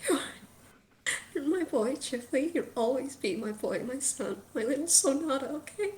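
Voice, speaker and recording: Woman doing a weepy pleading mother, high wavering voice, echoey room, faint hiss. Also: animated, moderate pace, warm tone. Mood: tender. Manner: tearful, pleading, tender. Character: frightened loving mother, middle-aged woman.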